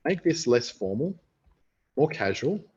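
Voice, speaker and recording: A man's voice: medium pitch, big pitch swings, unhurried, a little mellow, husky. An Australian man presenting an online webinar, chatting casually and thinking aloud as he demonstrates a writing tool. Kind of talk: casual live software demonstration. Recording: dull lo-fi webinar audio.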